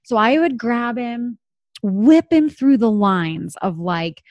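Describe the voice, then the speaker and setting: A woman's voice: on the high side, slow, no echo, lo-fi sound. A woman in her thirties from Utah, telling a story in casual chat, full of "like" and acted-out quotes. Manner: animated, lots of "like", acts out quotes.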